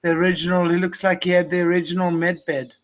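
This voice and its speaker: A woman's voice: on the low side, level tone, fast. A woman co-hosting a live stream, chatty and friendly while going through viewer comments. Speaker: co-host reading viewer comments. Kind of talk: casual live-stream chat.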